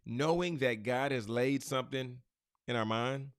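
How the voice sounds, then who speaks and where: A man's voice: mid-range voice, measured pace, clean tone, dry recording, clean studio sound. A man hosting a podcast, teaching scripture in an emphatic, preacher-like way and speaking straight to his listeners. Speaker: podcast host.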